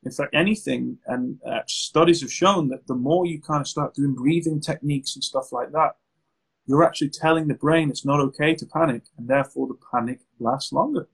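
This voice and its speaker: A man, an anxiety therapist, answering interview questions in a lively, conversational way and acting out exchanges with clients. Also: fairly high pitch, a little fast, creaky, slightly rough, rough recording. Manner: animated, acts out client exchanges.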